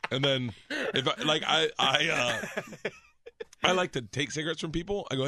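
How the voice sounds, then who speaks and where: A tipsy man telling rowdy stories in casual chat, laughing and breaking into animated impressions. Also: fairly high pitch, normal speed. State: tipsy from drinking.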